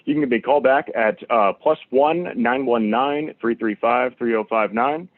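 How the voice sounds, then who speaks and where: A man's voice: mid-range voice, moderate pace, no echo. A man making polite, upbeat cold calls and chatting casually about them. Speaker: sales caller. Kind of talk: cold calling and casual chat. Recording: tinny dry phone-like audio.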